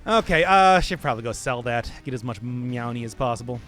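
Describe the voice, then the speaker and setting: A man's voice: medium pitch, lively intonation, fairly quick, a bit bright, faint music behind. A young man streaming a video game live, giving rambling, chatty commentary and laughing often.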